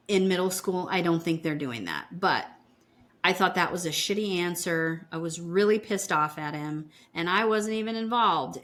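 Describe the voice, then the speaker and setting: This podcast co-host, a woman in her fifties, speaks with a fairly low, fairly bright voice. She recounts a true-crime case in a blunt, indignant manner, cursing freely throughout.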